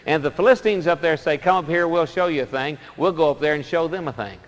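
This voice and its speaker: A preacher doing a bold young warrior. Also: male voice, fairly high pitch, fast talker, in a large hall, pitched above the performer's own voice, close to an everyday voice, poor audio. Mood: eager. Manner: eager, raised storytelling voice. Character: bold young male warrior prince, confident.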